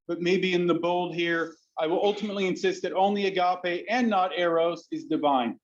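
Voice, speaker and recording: Man giving a discursive philosophy lecture. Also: a little high. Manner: discursive, self-correcting, emphatic. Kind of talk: academic talk to an audience. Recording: dull lo-fi lecture recording.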